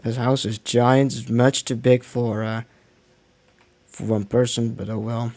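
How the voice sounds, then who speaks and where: Streaming a game, a man offers loose, casual commentary at a middling pitch, trailing off, starting sentences over and muttering to himself. His delivery is flat, a little slow and somewhat mellow.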